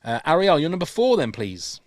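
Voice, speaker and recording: A man's voice: on the high side, big pitch swings, fairly quick, no echo, clean studio sound. A man hosting a podcast, chatting with enthusiasm and lots of restarts. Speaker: podcast host. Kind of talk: casual podcast chat.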